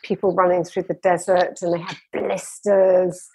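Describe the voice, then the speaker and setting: A woman's voice: lowish voice, level tone, normal speed, mellow, breathy edge, no echo. A woman telling her running story with enthusiasm, rambling a little as a guest in a conversation. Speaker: interview guest.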